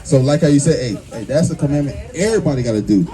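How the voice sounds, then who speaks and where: A man preaching on the street, forceful and confrontational, with many fillers and repeated words. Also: medium pitch, lively intonation, very fast. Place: outdoors on a busy street. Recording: busy street crowd noise.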